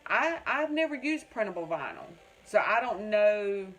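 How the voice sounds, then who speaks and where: A woman's voice: medium pitch, sing-song, normal speed, a bit bright. A woman hosting a casual craft livestream, rambling and chatting with viewers in the comments.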